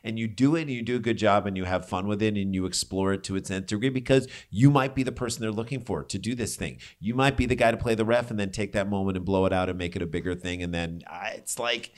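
A man's voice: on the low side, fast talker, few pauses. A man, a comedian guest on a podcast, who cheers along and riffs in an upbeat, casual way. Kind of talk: casual interview chat.

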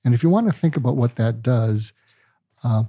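Calm older man, dark husky voice. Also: medium pitch, dry recording, studio quality. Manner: calm, deliberate, teaching with medical analogies. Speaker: psychiatrist guest. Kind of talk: explanatory interview talk.

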